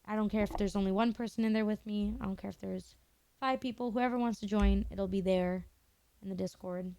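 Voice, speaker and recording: A woman's voice: mid-range voice, fairly even intonation, a little fast, vocal fry, warm tone, slight background noise. A young woman streamer in her twenties chatting candidly and emotionally with her viewers, swearing casually.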